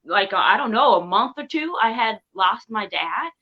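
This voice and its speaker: A woman's voice: medium pitch, lively intonation, moderate pace, highs cut off. A woman guest on a podcast, talking over a call in a reassuring, heartfelt way. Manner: warm-hearted, reassuring, acts out quotes. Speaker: guest, former TV performer. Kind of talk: casual interview talk.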